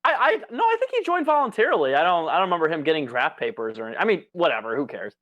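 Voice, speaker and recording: Excitable fast-talking man. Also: a little high, dull audio. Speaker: podcast co-host. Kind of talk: casual chat.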